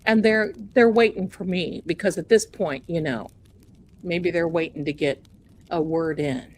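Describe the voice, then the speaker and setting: A woman hosting a live stream tells a chatty, self-mocking story in an unhurried, folksy way. A faint background noise sits under her voice. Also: on the low side. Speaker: livestream host.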